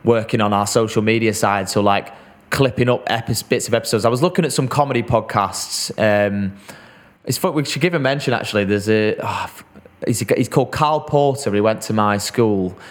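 A man's voice: on the low side, a little fast. A man co-hosting a podcast, chatting casually and rambling with fillers and restarts. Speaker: podcast co-host. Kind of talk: casual chat.

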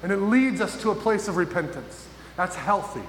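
A man preaching a sermon as pastor, emphatic and full of pauses, often asking his listeners questions. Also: high voice, lively intonation. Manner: emphatic, pausing, asks the audience questions. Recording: echoey hall with faint noise.

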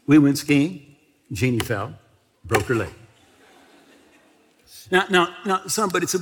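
A man's voice: fairly high pitch, animated, measured pace, pauses often, in a large hall, slight background noise. A man preaching a television sermon, telling a personal story and leading viewers in prayer. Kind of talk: sermon with altar call.

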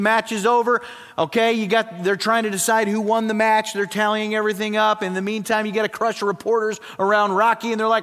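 High-voiced preacher in a reverberant hall. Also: male voice, brisk. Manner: animated, emphatic preaching with rhetorical questions. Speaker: pastor. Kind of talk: sermon. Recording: long reverb of a large hall.

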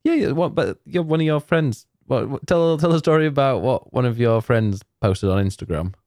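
A man's voice: medium pitch, animated, darkish tone, no echo, clean studio sound. A man co-hosting a gaming podcast, joking and teasing in casual banter. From United Kingdom. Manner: quick-witted, teasing banter. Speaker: podcast co-host. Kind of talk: casual chat.

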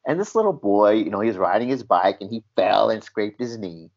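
A man's voice: on the low side, expressive, brisk, gravelly, darkish tone. A man telling a story from his work as a paramedic, acting out the quotes. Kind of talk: casual storytelling. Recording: dull lo-fi sound.

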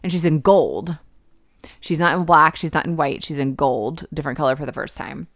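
A woman's voice: low voice, moderate pace, no room sound, studio quality. A woman in casual chat, retelling a film scene by scene with lots of fillers. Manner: chatty, animated retelling with acted quotes and laughs. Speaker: podcast co-host discussing a film.

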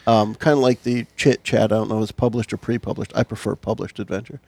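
Male co-host, gravelly, loose rambling talk with laughs, dry mic. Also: on the low side, little pitch movement, quick pace, darkish tone, no echo. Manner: rambling, restarts, laughs often. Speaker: podcast co-host. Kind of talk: casual chat about tabletop games.

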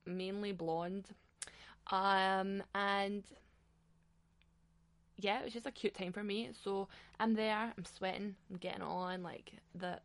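A woman telling a funny anecdote in a casual, animated way, swearing freely and saying "like" often. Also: medium pitch, vocal fry. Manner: animated, chatty, swears a lot; frequent filler "like". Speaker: storyteller.

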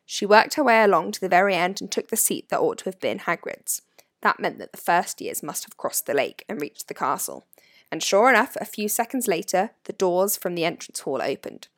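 Brief: female audiobook narrator, lively expressive pitch, dry close-mic studio sound. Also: brisk, dry recording. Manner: expressive, varied reading. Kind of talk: storybook narration.

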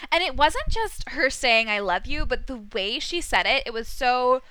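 A woman's voice: sits high, very animated, normal speed, pushed and bright, clear, resonant tone. A young woman co-hosting a casual TV recap podcast, chatty, laughing often and full of likes and ums. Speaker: podcast co-host.

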